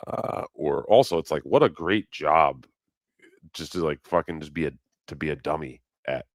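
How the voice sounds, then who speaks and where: A man's voice: very deep voice, normal speed, no echo. A man hosting a casual live stream, rambling and swearing freely, often breaking into laughter. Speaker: livestream host.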